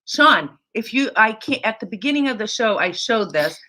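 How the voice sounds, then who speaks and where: A woman's voice: on the high side, big pitch swings, normal speed, pushed and bright. A woman hosting a casual live stream, chatting with hesitant fillers as she reads out viewer comments. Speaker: host.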